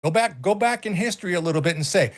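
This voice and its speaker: A man's voice: high-pitched, lively intonation, fast talker. A middle-aged man co-hosting a casual political talk stream, emphatic and swearing freely, often repeating himself. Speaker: co-host.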